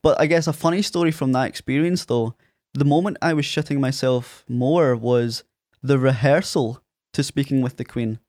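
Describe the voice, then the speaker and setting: A Scottish man in his thirties with an Ayrshire accent, chatting as an interview guest. His voice sits at an ordinary middle pitch and comes across dry and close, with no room around it. He tells lively anecdotes and jumps up in pitch when he quotes people. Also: normal speed, no echo. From Scotland. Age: 30s. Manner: animated storyteller, acts out quotes in a raised voice. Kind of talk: casual interview.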